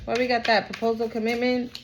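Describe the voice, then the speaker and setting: A woman's voice: fairly high pitch, flat delivery, fast, muffled recording. Chatty emotional woman reading tarot. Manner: chatty, emotional, trails off and restarts. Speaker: tarot reader. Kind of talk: casual tarot reading to viewers. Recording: background noise.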